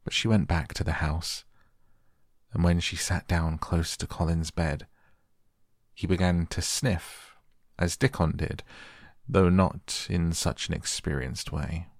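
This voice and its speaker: A man narrating an audiobook softly for bedtime, gentle and unhurried. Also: sits low, fairly even intonation, dry recording, clean studio sound. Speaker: audiobook reader.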